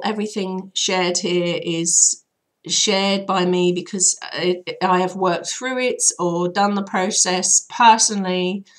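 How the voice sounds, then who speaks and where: A woman with a lowish, hoarse voice talks her listeners through a healing method. She speaks in a loose, rambling, friendly way, full of fillers and restarts. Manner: chatty, rambling, loose guiding talk with fillers. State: voice hoarse and troubled. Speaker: healer and channel host. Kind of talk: casual spoken guidance.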